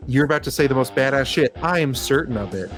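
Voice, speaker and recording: A man running a comedy tabletop game as game master, narrating with lively energy, swearing and laughing. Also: medium pitch, fast, faint music behind.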